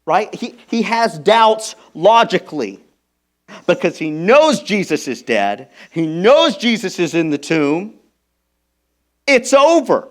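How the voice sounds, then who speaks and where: A man preaching a sermon as pastor, emphatic, moving from hushed, intimate lines to loud, stressed ones. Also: high voice, big pitch swings, slow. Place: church.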